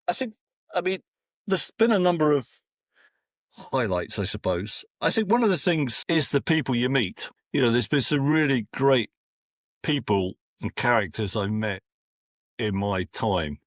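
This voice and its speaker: A Scottish man in his sixties, appearing as a podcast guest, tells rambling casual anecdotes full of restarts and acted-out quotes. His medium-pitched voice is very animated at a normal speed, recorded with clean studio sound and no echo.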